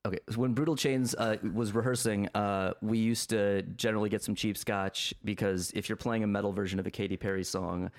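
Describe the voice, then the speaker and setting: A man's voice: lowish voice, steady tone, brisk, few pauses. A man hosting a podcast in casual chat, rambling with frequent restarts and fillers. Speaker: podcast host.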